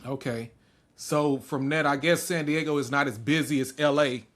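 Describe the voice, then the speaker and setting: A man's voice: a little high, moderate pace, a bit bright. Man, forties, podcast host, laid-back, slangy, casual chat.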